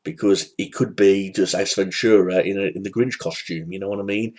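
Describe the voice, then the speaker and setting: Rambling low-voiced man reviewing a film. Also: steady tone, a little fast, a little mellow. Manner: rambling, loose, with frequent fillers and restarts. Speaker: movie reviewer. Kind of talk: casual spoken review.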